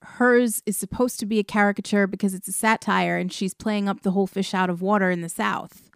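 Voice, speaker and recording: Woman co-host from New York, calm and measured in debate, dry close sound. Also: medium pitch, creaky, smooth, no room sound. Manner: measured, pushes back calmly. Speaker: podcast co-host. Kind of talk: casual review chat.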